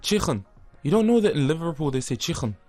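A man's voice: fairly high pitch, lively intonation, fast talker, warm tone, faint music behind. A man around twenty co-hosting a radio show in casual chat, upbeat, teasing and reassuring. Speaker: radio co-host.

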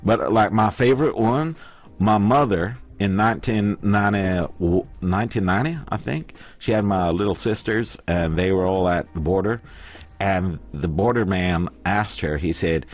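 Low-voiced man hosting a casual chat. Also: normal speed. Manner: jokey, reads out listener comments. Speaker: radio show host reading listener messages. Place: broadcast studio in Asia.

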